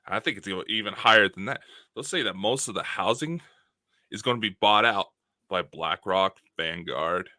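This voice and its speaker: Low bright-voiced man, dry close mic. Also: moderate pace, dry recording. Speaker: podcast co-host. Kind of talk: casual chat.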